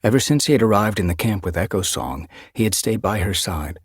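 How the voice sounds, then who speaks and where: A man reads an audiobook with steady, measured storytelling. His voice is deep and slightly husky. The recording is dry and close, with no room sound. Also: no echo. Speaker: audiobook narrator. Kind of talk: scripted narration.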